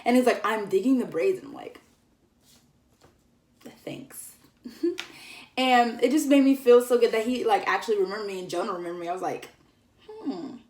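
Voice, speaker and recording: A woman's voice: medium pitch, fast talker, a little mellow, far from the mic. A young woman tells a casual vlog story, chatty and giggly, with lots of fillers. She sits a bit back from the mic in an echoey room. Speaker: vlogger.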